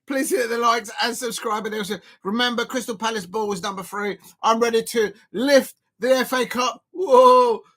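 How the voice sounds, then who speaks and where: A man hosting a live football fan channel, reacting excitably as he swings between joking asides and despairing outbursts. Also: very high voice, normal speed, few pauses. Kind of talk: live watch-along reaction.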